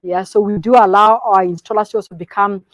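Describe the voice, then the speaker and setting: A woman's voice: medium pitch, steady tone, no room sound. Kenyan woman presenting, dry close sound. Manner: mixes English and Swahili mid-sentence, measured and instructive. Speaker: company presenter. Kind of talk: business presentation to partners.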